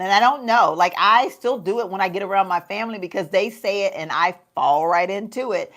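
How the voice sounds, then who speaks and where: A woman with a Southern US accent chatting casually to her viewers while she does her makeup, folksy and quick to laugh. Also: medium pitch, fairly bright tone. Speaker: lifestyle vlogger.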